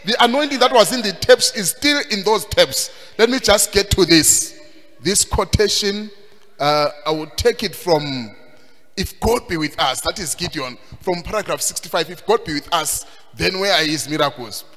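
Zimbabwean pastor guy preaching, bright sharp voice, big hall echo. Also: high-pitched, lively intonation, moderate pace. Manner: emphatic, rising to shouts, sing-song phrasing. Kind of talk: sermon. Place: church hall. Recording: long hall reverb.

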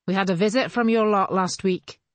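A woman's voice: medium pitch, fairly quick, dry recording, natural voice. A woman reading an audiobook, voicing a scornful uncle calling across a group. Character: gruff man, scornful uncle.

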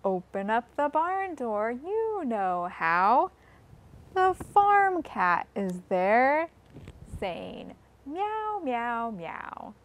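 Slow, lively woman leading children's storytime. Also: on the high side. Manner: slow, sing-song, speaks to young children; invites children to join in. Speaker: children's librarian.

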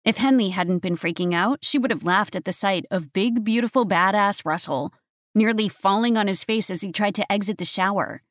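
A woman narrating a romance audiobook in a steady, even reading voice. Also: medium pitch, normal speed, no echo, studio quality.

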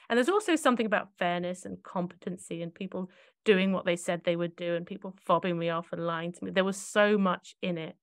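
Woman thinking out loud on a podcast, reflective, dry close sound. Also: medium pitch, fairly even intonation, brisk, no room sound. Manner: thoughtful, searching, self-correcting. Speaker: podcast co-host.

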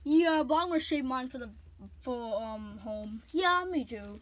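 A woman play-acting a plush-toy scene. She talks in an excitable, exclamatory way and often squeals or bursts into giggles. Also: high-pitched, measured pace, background noise. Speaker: toy video creator voicing plush characters.

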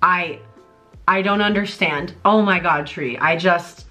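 A woman's voice: lowish voice, slow, faint music behind. A woman in her twenties giving sarcastic, exasperated commentary on celebrity drama in a vlog. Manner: exasperated, sarcastic, animated ranting. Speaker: commentary YouTuber. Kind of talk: pop culture commentary vlog.

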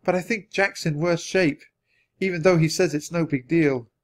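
A man voicing an eager, brave young girl in a storybook reading, with high, excited calls. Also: normal speed, lightly acted. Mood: earnest.

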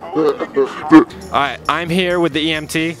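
A man's voice: a little high, steady tone, slow, soft background music. A man doing playful, teasing comic interviews with strangers at a busy travel expo. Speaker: street interviewer.

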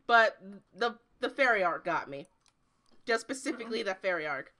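Bright-voiced woman hosting a casual podcast. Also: mid-range voice, expressive, normal speed. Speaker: podcast host.

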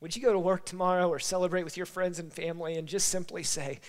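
A man's voice: sits high, fairly even intonation, quick pace, hardly any pauses. Emotional pastor rallying his congregation. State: stuffy nose from crying. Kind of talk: closing remarks at a church service. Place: church sanctuary.

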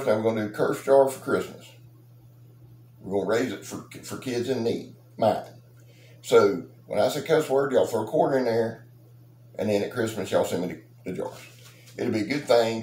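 A man's voice: lowish voice, warm tone. A middle-aged man, hosting a knife channel and chatting casually to his subscribers in a rambling, joking, boastful way. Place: outdoors. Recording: roomy echo with faint noise.

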